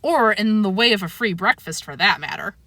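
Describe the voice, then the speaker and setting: A woman's voice: mid-range voice, animated, a little fast, sharp tone, no room sound. A woman voicing a sassy, flippant female cat. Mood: wry. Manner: wry, flippant.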